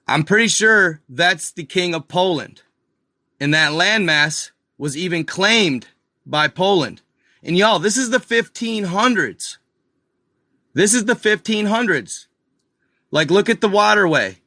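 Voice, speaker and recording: A man's voice: high-pitched, lively intonation, slow pace, long pauses, pushed and bright, no echo, studio quality. A man hosting a casual screen-share video, talking straight to his viewers with restarts and frustrated asides. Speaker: video host.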